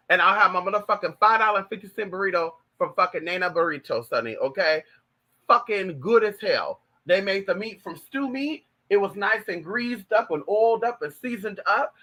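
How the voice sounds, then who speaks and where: A flamboyant man chatting on a livestream, spinning profane stories with lots of swagger. His voice sits high and sounds very bright and sharp, and his pitch swings widely as he talks. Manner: flamboyant, profane, animated storytelling. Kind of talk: casual chat.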